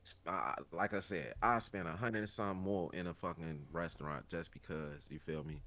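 Speaking fairly quickly in a low voice, a Chicago-accented man co-hosts a podcast. He chats casually, telling lively stories in a loose style crammed with profanity and slang.

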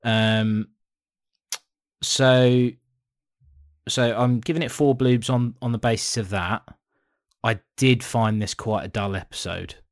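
A man's voice: mid-range voice, fairly even intonation, slow, pauses often, no echo, studio quality. A British man co-hosting a podcast, chatting in a loose, joking way. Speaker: podcast co-host. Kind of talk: casual chat.

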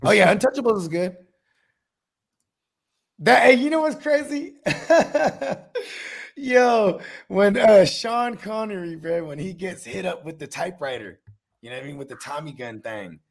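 A man with a high, husky voice and a gravelly crackle, talking loosely on a podcast. His pitch jumps all over as he retells movie scenes and slips into tough-guy voices. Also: unhurried, pauses often. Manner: animated, acts out movie scenes with mobster voices. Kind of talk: casual chat.

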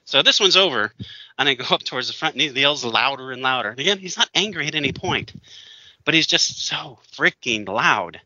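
A man with a very bright, forceful voice recounts a story in a loose, animated way, jumping into other people's voices as he goes. The sound is dry and a little dull, as if close-miked on modest gear. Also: mid-range voice, brisk, no echo. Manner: animated, acts out quoted voices, laughs often. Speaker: podcast co-host. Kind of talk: casual storytelling chat.

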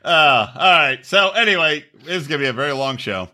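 Animated, bright-voiced man telling crude stories. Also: on the high side, a little fast. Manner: storytelling, crude jokes, acts out quoted voices. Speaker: podcast co-host. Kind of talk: casual chat.

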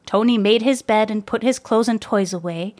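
A woman narrating a children's story aloud, gentle and measured. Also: mid-range voice.

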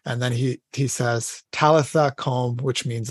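A man's voice: mid-range voice, expressive, normal speed, hardly any pauses, slightly rough, no room sound. Earnest man in a dry-sounding room. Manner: earnest, retells scripture conversationally with many fillers. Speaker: podcast co-host. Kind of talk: casual faith discussion.

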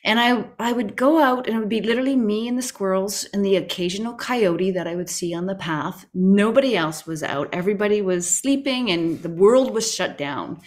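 A woman telling a personal story on a talk show, animated and full of restarts. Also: mid-range voice, fairly quick, hardly any pauses. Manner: animated, with many restarts and excited rises. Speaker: co-host.

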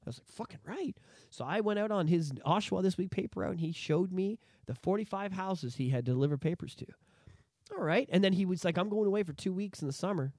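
A man in his thirties hosting a podcast, telling nostalgic stories in an animated, profane, casual way. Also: high-pitched, quick pace, dry recording, studio quality. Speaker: podcast host.

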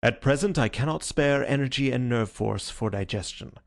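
A man voicing a calm, sharp-minded male detective in a measured, dry manner. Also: mid-range voice, vocal fry, no echo, lightly acted.

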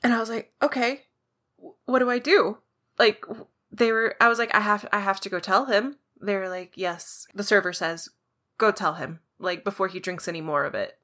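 A woman co-hosting a podcast, telling a story in casual chat and acting out the quoted dialogue in an animated way. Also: medium pitch, normal speed. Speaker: podcast co-host.

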